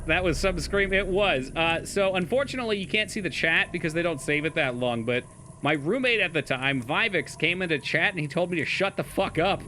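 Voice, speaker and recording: A man's voice: a little high, animated, a little fast, bright, forceful tone, slight background noise. A young man streaming a game live, chatting casually with his chat, swearing and laughing often.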